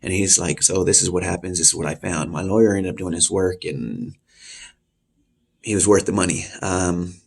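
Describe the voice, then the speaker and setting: A man's voice: sits low, fairly even intonation, moderate pace, gravelly, a little mellow, breathy edge. A man in his thirties casually telling a personal story and acting out the voices of the people in it. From Texas. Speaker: vlogger.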